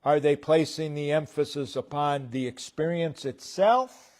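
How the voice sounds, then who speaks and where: A man preaching a sermon in a church, speaking in short, deliberate phrases that trail off at the ends. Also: on the high side, a little mellow. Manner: slow, deliberate preaching with pauses between phrases; voice falls away at the ends of phrases.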